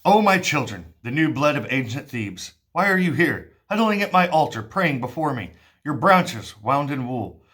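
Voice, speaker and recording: A man's voice: medium pitch, very animated, moderate pace, fairly bright tone. A man voicing a proud king of ancient Thebes, declaiming his lines to his people. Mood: proud, concerned.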